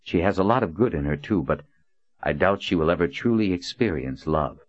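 A man's voice: low-pitched, expressive, a little fast. A man reading an earnest young hero. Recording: dull lo-fi recording.

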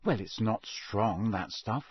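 A man's voice: on the low side, expressive, takes it slowly, breathy edge, no room sound, studio quality, exaggerated voice. A man voicing an earnest teenage boy wizard who speaks in a direct way, in an audiobook reading. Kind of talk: audiobook character voice.

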